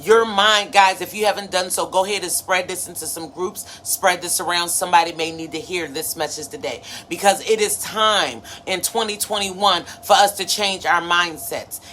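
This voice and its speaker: Woman, 30s, live-stream motivational host, preachy but chatty, low voice, slight background hiss. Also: moderate pace, few pauses, fairly bright tone. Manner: preachy, conversational, greets viewers by name. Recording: faint background noise.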